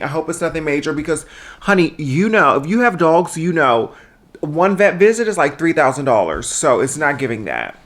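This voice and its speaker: A transgender woman vlogging casually at home into a small microphone, chatty and animated, with a habit of talking loudly. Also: low-pitched. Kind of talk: casual vlog chat. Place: indoors at home. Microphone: small microphone on a handheld tripod.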